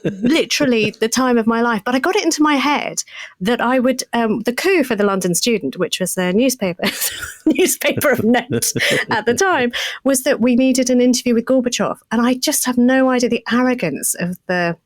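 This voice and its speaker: A woman in her fifties, a podcast co-host, telling a story in a casual, animated, self-mocking way and laughing often. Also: fairly high pitch, normal speed, no echo.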